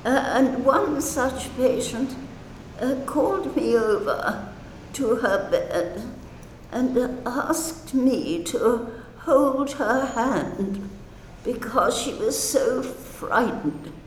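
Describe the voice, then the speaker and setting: An elderly woman speaks very slowly and gently, a retired nurse reminiscing with small hesitations and soft laughter. Her voice sits a little high, and the recording has a roomy echo over faint ambient noise. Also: lively intonation. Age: older. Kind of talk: personal storytelling.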